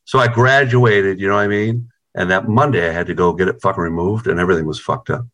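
Rambling, profane man with a low voice. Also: fast talker, a bit bright. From New York. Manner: profane, rambling, repeats words. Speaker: guitarist in a band, interviewee. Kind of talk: casual storytelling over video call. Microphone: video call.

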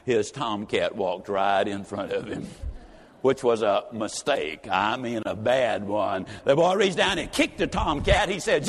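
A man's voice: on the low side, lively intonation, unhurried. A man giving a folksy, emphatic motivational speech told as a story. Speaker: motivational speaker. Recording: reverberant hall.

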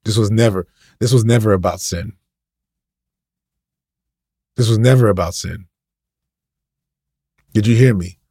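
A man's voice: lowish voice, a little slow, long pauses, dark tone, breathy edge, no echo, clean studio sound. A man preaching an impassioned, ranting sermon, full of repetition and rhetorical questions.

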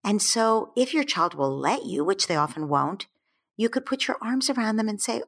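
A woman who is a parenting expert, explaining in a gentle, soothing way and slowing down to stress her points. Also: mid-range voice, expressive, creaky. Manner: gentle, soothing, slows down for emphasis. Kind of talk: calm explanatory advice.

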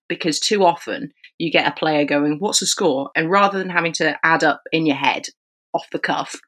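Woman referee; animated podcast storyteller who acts out the voices in her tale, slightly low voice. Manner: animated storyteller acting out dialogue. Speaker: rugby referee. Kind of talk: podcast anecdote.

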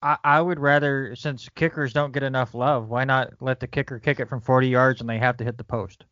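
Man, mid pitch, hesitant, stammers starts, dull dry podcast sound. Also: fairly even intonation, a little fast, a bit bright, dry recording. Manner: hesitant, repeats words as he starts. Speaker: guest host. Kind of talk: casual sports podcast chat.

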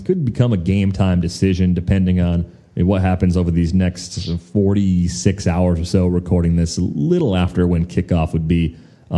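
A man hosting a casual fantasy football podcast, talking in a measured, analytical way. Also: sits low, warm tone. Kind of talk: casual sports chat.

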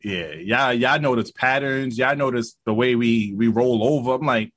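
A man's voice: mid-range voice, normal speed, a bit bright, no echo. Argumentative man on a podcast. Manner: argumentative, stumbles and repeats words. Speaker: podcast co-host. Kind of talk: casual podcast debate.

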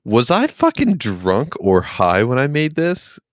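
A man's voice: medium pitch, wildly swooping pitch, unhurried, dry recording. A man co-hosting a casual sports podcast, rambling and swearing casually, with a self-deprecating streak and the hiccups. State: has the hiccups. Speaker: podcast co-host.

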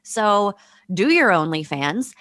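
A woman with a mid-range voice gives frank, profane advice in a relaxed chat and laughs easily between her points. The sound is close and dry, with no room around it. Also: medium pitch, takes it slowly, no echo. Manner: blunt, laughs often, swears freely. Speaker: podcast co-host.

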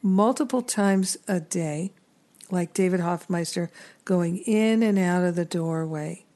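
A middle-aged woman hosting a reflective spiritual teaching talk, earnest and unhurried, with gentle self-deprecating asides. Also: lowish voice. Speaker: spiritual teacher and podcast host.

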